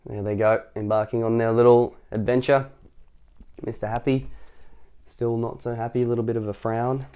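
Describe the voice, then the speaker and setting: A man's voice: lowish voice, fairly even intonation, normal speed, warm tone. A man reading a children's picture book aloud, chuckling and adding chatty asides for young listeners. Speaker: storytime reader.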